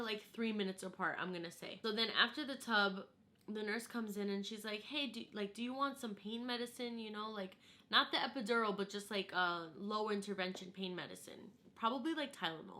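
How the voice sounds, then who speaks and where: A young woman from the United States tells a personal story straight to the camera in a casual vlog. Her voice is bright and forward. She talks in an animated way and acts out quotes with voices. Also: mid-range voice. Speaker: vlogger.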